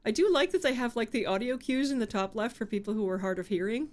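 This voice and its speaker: A woman's voice: a little high, fast talker, darkish tone. A woman streaming a horror game, reading dialogue aloud and chatting with wry asides. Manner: chatty, wry asides between read lines.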